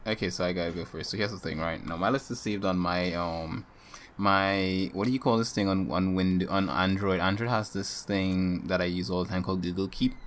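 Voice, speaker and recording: A man's voice: deep voice, steady tone, brisk, slight background noise. A young man co-hosting a casual podcast, laid-back and rambling, laughing often. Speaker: podcast co-host.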